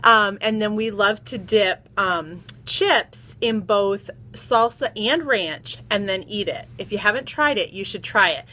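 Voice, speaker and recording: A woman's voice: mid-range voice, a little slow, few pauses, sharp tone. A woman in her thirties hosting a casual live stream from her phone, chatting with viewers, greeting them by name and laughing often.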